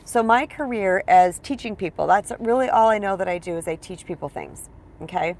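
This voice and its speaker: A woman with a mid-range voice talks straight to her viewers as a spiritual coach. She teaches in a loose, conversational way, leaning on her points and pausing to check in with a quick "okay?". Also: mid-range voice, expressive, a little mellow. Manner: chatty and emphatic, keeps checking in with "okay?". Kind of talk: casual teaching monologue to camera.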